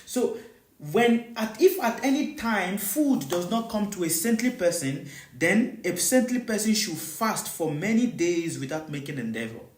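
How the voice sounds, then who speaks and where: Animated preacher asking listeners questions. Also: medium pitch, unhurried, echoey room. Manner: repeats rhetorical questions to listeners; repetitive, emphatic preaching. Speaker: spiritual teacher. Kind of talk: live spiritual teaching.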